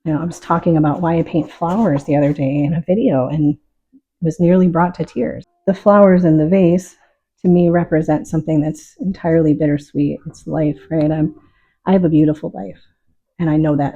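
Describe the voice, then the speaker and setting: A middle-aged woman talks through her painting in a calm, reflective way, openly sharing her emotions. Her voice is deeply mellow and husky. The recording sounds dull and lo-fi, as if from a home studio. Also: fairly quick. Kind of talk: casual talk while painting.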